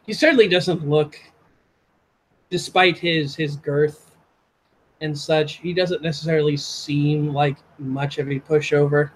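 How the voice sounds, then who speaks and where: Slow, hesitant game master man. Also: a little high, fairly even intonation, low-quality recording. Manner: hesitant, many fillers. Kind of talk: narrating a tabletop game.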